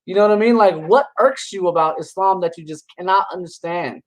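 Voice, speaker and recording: A man's voice: sits high, brisk, poor audio. A man giving casual reaction commentary on religious videos, combative and mocking, rambling with scoffing laughs. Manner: rambling with frequent restarts.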